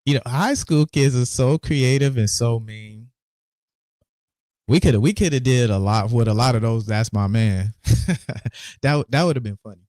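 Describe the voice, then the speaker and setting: A man's voice: mid-range voice, normal speed, long pauses, darkish tone, dry recording, clean studio sound. A man hosting a casual sports podcast, laid back, repeating words and restarting often. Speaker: podcast host.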